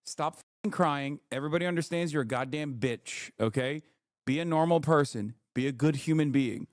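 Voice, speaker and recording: A man streaming live, ranting and mocking in profane, fast commentary. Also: a little high, no echo, studio quality.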